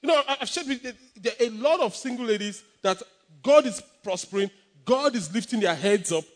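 A man with a high voice preaches to his congregation. He leans hard into repetition and calls out for the listeners to respond. His delivery is emphatic throughout. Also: animated, fairly quick, big-room sound. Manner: emphatic preaching, with repeated exhortations and call-and-response. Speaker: pastor. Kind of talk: sermon.

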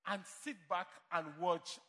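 A man's voice: sits high, a little slow, bright, forceful tone, big-room sound. A man preaching a sermon as pastor to a church congregation, emphatic and playing out imagined replies. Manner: emphatic preaching, mock dialogue.

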